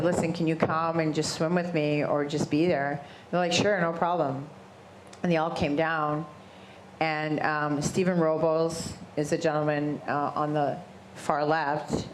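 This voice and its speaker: A middle-aged woman, a guest in an interview, telling her story in a casual, animated way and acting out the voices of people she quotes. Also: sits low. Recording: roomy echo with faint ambient noise.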